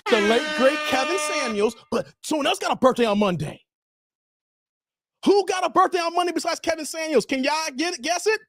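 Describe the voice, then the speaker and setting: A man, hosting a casual livestream and chatting hyped with viewers, laughing and shouting them out. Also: extremely high pitch, expressive, brisk, no room sound, faint music behind. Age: 40s. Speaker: livestream host. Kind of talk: casual livestream chat reading viewer comments.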